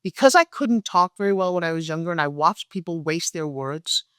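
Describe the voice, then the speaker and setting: Animated woman telling a story. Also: brisk, smooth, no room sound, clean studio sound. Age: middle-aged. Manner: acts out quoted dialogue with lively pitch jumps. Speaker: guest, pitch expert and speaker.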